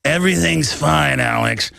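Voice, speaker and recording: Man impersonating a hushed male spy, slow and ominous, gravelly, dry close sound, on a crackly phone call. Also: fairly high pitch, dry recording, full character voice.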